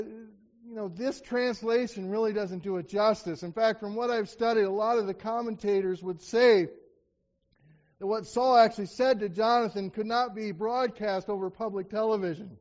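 A man preaching a sermon, reading scripture and explaining it conversationally, acting out the quotes with rising emphasis. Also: high voice. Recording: dull lo-fi recording.

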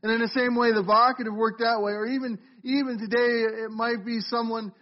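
This middle-aged pastor preaches fairly quickly in a strikingly high voice with little pitch movement, speaking from the pulpit of a church sanctuary. Conversational in manner, he often questions the congregation. The recording is lo-fi and muffled.

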